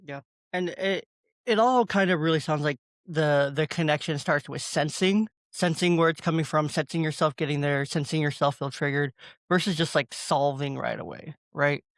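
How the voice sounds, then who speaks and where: A man's voice: on the high side, normal speed, a bit bright, no room sound. A man hosting a podcast, summing up his guest's points in a reflective way with restarts. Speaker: podcast host. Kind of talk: casual interview talk.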